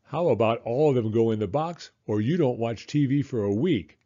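A man's voice: medium pitch, lively intonation, normal speed, mellow, highs cut off, natural voice. A man voicing an exasperated mother who talks firmly and scolds. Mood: stern. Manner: firm, scolding.

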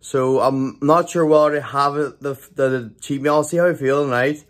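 A young man talking to camera in a casual vlog, excited and rambling, with lots of swearing and restarts. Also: medium pitch, normal speed. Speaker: bodybuilder vlogger.

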